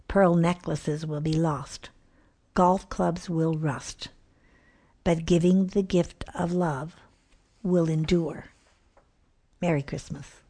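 Soft earnest woman reading devotions, really slow, low and gravelly, half whispering sometimes. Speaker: host of a homemaking ministry.

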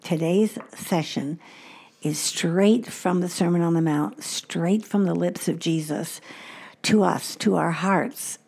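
Expressive woman Bible teacher in a studio. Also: lowish voice, takes it slowly, gravelly, husky. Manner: expressive, swings between emphatic exclamations and soft, hushed asides.

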